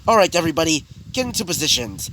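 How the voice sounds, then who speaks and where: A man voicing a bossy, fierce goddess who leads her clan, speaking in his own plain voice with slow, commanding lines over a noisy background. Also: fairly high pitch, very animated, fairly bright tone.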